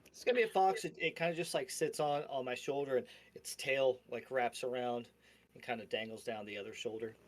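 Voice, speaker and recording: A man's voice: medium pitch, fairly quick. A man casually playing a tabletop game, laid-back and rambling. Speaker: player.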